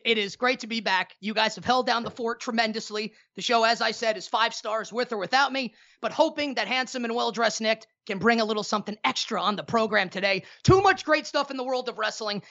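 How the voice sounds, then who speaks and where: A man on a podcast in a studio, talking in long, rambling runs full of boastful jokes. His voice is bright and forceful. The audio sounds a bit dull and lo-fi. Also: very high-pitched. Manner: rambling, boastful jokey banter. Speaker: podcast guest, sports TV personality. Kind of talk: casual podcast chat.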